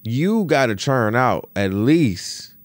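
A man's voice: medium pitch, very animated, slow, dry recording. A man hosting a solo podcast, telling a story in a casual, slangy way and often checking in with rhetorical questions. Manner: profane, slangy, with stammered restarts. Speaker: podcast host.

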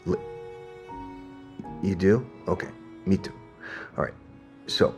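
A man gently telling a bedtime story from memory in a soft, hushed voice. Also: sits low, slow, creaky, pauses often, faint music behind. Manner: soft and gentle, lively when telling the tale.

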